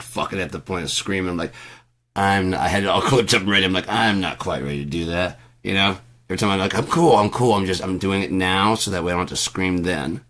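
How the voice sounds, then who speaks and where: A man's voice: deep voice, pushed and bright. A man doing a rambling, profane vlog monologue, rehearsing an angry argument aloud with many restarts. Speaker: vlogger.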